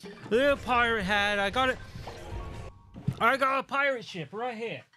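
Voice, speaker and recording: A man's voice: very high voice, moderate pace, sharp tone, pitched above the performer's own voice. A man voicing a jolly, rum-loving male pirate sailor in pirate slang, with game music behind him. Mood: boastful. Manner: pirate slang, boisterous and drawn out.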